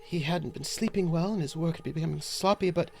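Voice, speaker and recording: Man voicing a grieving blacksmith's widow; higher, rushed, bewildered delivery. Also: creaky, a little mellow, a little hiss or hum. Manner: shaky, hurried, bewildered.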